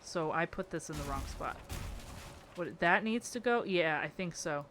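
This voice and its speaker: Young female streamer, bright tone, casual chat, quick exasperated reactions. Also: lowish voice, lively intonation. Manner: playful, exasperated, reacting to chat with frequent laughter. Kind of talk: casual live-stream chat while building in a game.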